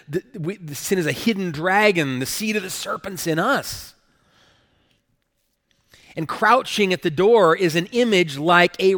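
A man's voice: high-pitched, fairly bright tone, big-room sound. A male pastor preaching a sermon emphatically, often checking in with rhetorical questions.

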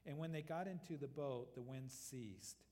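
A man delivers an earnest expository sermon, the long reverb of a church sanctuary trailing his words. He reads scripture and acts out quick lively asides. His voice sits at a middle pitch. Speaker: pastor.

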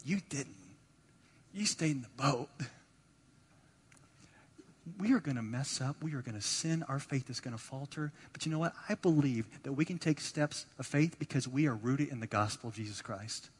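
A man preaching a sermon as pastor, animated, acting out the voices of the people he quotes and repeating words as he builds his points. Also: medium pitch, brisk, hardly any pauses, husky. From United States. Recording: long hall reverb.

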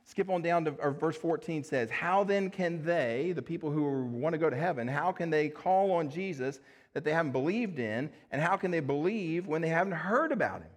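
A pastor preaching an earnest sermon, reading scripture and asking rhetorical questions. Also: male voice, on the high side, animated, normal speed. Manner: earnest, rhetorical questions, addresses listeners as friends.

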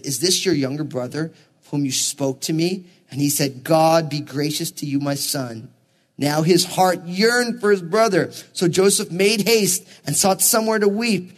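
A male pastor preaching a sermon, reading scripture and acting out the quoted lines with animation. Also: fairly high pitch.

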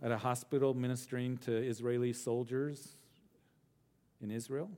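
A middle-aged male pastor teaching a verse-by-verse sermon, earnest, repeating phrases for emphasis and slowing down on key words. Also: mid-range voice, flat delivery, warm tone.

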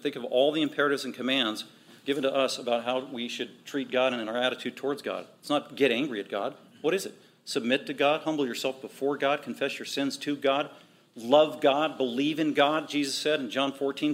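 A male pastor preaching a sermon, emphatic and repetitive, with quick asides. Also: fairly high pitch, a bit bright.

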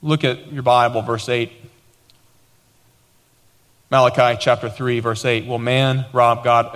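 A man preaching as a pastor, quoting scripture with emphatic repetition and sudden swings between raised declarations and quieter teaching. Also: mid-range voice, big-room sound. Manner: preaching with emphatic repetition, dramatic quoted lines. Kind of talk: sermon.

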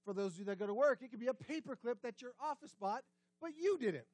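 A pastor preaches a sermon in a church sanctuary, his high, animated voice swinging widely in pitch as he talks fast. He puts rhetorical questions to the congregation and drops to a hushed, quiet tone to drive points home. The recording is close and dry, with little room sound.

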